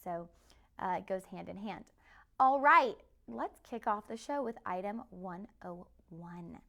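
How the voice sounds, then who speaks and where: A woman presents jewelry on a live shopping broadcast. She talks to viewers in a chatty, upbeat manner, and her voice has some gravelly fry. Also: medium pitch, a bit bright. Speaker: shopping channel host.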